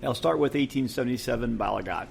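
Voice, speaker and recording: A man with a gravelly, creaky edge to his mid-range voice chats loosely on a podcast, laughing easily and wandering through his points. He talks into a headset mic, with a faint hiss behind him. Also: medium pitch, quick pace. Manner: laughs often, rambling and unsure. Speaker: podcast co-host. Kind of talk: casual chat.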